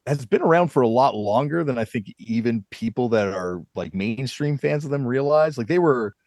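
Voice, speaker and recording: A man's voice: mid-range voice, dry recording. A man hosting a podcast, telling rambling anecdotes in casual chat and laughing often. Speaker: podcast host.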